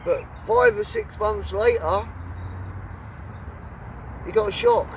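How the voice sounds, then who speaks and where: A man's voice: very high voice, huge pitch swings, slow, vocal fry. A man telling a story outdoors by a country road, in a chatty manner that corrects itself as he goes. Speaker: vlogger. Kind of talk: casual storytelling. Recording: distant mic with loud outdoor noise.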